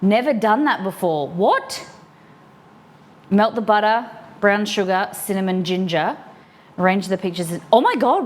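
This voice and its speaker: This chatty woman cooks live for her chat, answering viewers while reading a recipe aloud in a casual live-stream style. Her medium-pitched voice is animated, her pace measured, and she pauses often. She uses a streaming mic.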